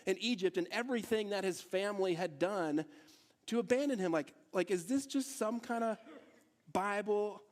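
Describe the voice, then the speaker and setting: Guy pastor giving a sermon, higher-pitched voice, chatty, keeps asking the crowd questions. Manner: conversational, asks the congregation rhetorical questions. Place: church service in a theatre hall.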